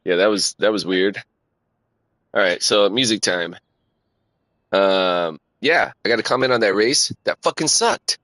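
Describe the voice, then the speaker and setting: A man chatting casually to viewers of his live stream while sim racing, laid-back and rambling, swearing and filling pauses with ums and uhs. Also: deep voice, no echo. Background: loud music.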